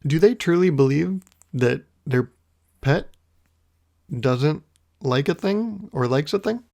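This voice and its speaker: A man's voice: on the high side, expressive, takes it slowly, creaky, darkish tone. A man hosting his own podcast, musing in a wry, rambling way, swearing casually and chuckling often. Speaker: podcast host. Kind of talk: casual solo podcast monologue.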